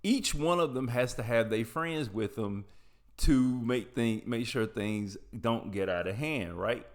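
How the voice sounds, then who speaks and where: A man's voice: mid-range voice, a little slow. A young adult man from Appalachia telling a personal story in a casual, rambling, profane way, with frequent tangents.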